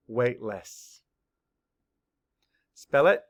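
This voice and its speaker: A man teaching a children's spelling lesson, spelling words slowly, letter by letter, with clear, patient instructions. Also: medium pitch, bright, forceful tone. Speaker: third-grade teacher.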